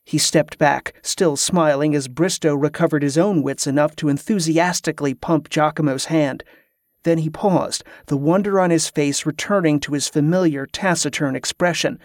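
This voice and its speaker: A man's voice: on the high side, normal speed, dry recording. Man narrating a novel, dry close sound. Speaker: audiobook narrator. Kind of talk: scripted narration.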